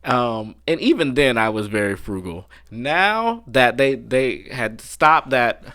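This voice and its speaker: A man hosting a podcast, telling a story in a casual, animated, slangy way with plenty of swearing. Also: medium pitch, takes it slowly. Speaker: podcast host.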